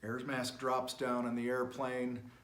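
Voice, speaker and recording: A middle-aged man coaching contractors on camera, blunt and high-energy, with some swearing. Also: monotone, measured pace, a bit bright. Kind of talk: motivational talk to camera. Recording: echoey room.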